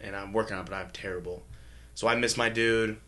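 A young man with a fairly low voice spins casual sports stories in a quick, loose rush. He laughs often and swears without a second thought. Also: fairly even intonation, sharp tone, a little hiss or hum. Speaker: guest, pro football lineman. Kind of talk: casual storytelling.

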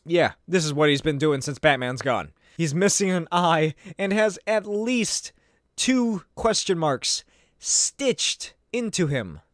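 Male host, comedic comic recap, sarcastic, swears, slightly high voice, lively. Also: takes it slowly, no room sound, clean studio sound. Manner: sarcastic, swearing, laughs at the pictures. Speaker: video host.

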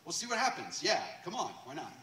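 A man in an echoey church voicing a cheerful, excited young woman in a raised, bubbly voice during a sermon. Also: on the high side, fast, heavy background noise, pitched above the performer's own voice. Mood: upbeat. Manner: bubbly, upbeat. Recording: echoey church room, distant mic.

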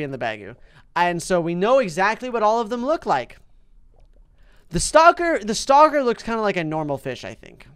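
Man doing a chatty, excitable game host with a smooth, clean voice, swings high and loud when upset. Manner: chatty, excitable, talks to on-screen fish; big jumps in pitch and loudness when upset. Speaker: gaming channel host. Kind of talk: mobile game commentary.

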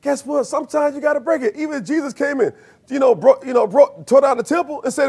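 Gravelly, high-voiced preaching man. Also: fast, a little mellow. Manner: call-and-response preaching, rising to emphatic peaks. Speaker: minister. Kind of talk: sermon.

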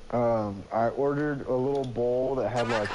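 A man's voice: mid-range voice, measured pace, darkish tone. Young guy, casual gamer chat, sweary storyteller, noisy background. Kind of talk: casual chat while gaming.

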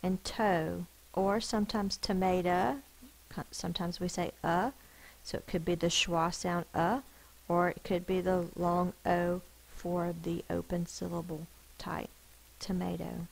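Speaking in a lowish voice with vocal fry and little pitch movement, a woman teacher works through a spelling lesson on a low-quality recording. She sounds out words slowly and carefully, patiently explaining the rules behind each sound.

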